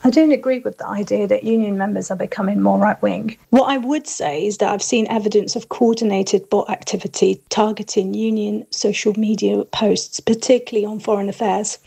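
A woman's voice: mid-range voice, gravelly, mellow, slightly rough. A woman, a trade union leader, speaking firmly and measuredly in a recorded interview clip. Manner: firm, measured.

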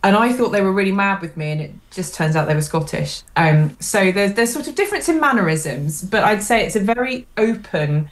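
A woman's voice: medium pitch, animated, fairly quick, few pauses. A woman with a posh southern English accent, chatting as a guest on a phone interview, talkative with frequent ums and easy laughter. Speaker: guest commentator.

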